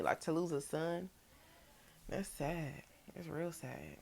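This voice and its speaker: A young woman, talking in a casual, reflective vlog, soft-spoken and relaxed. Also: deep voice, slow pace, creaky, slightly rough. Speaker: vlogger. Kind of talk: personal reflective vlog talk.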